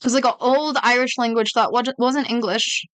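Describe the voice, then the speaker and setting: A high-pitched woman chats loosely with her stream viewers, wandering between thoughts and cutting herself off mid-sentence. She swears freely and casually. The sound is dry and close, with no room echo. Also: fairly even intonation, a little fast, a bit bright. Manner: rambling, profane, self-interrupting. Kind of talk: casual livestream chat with viewers.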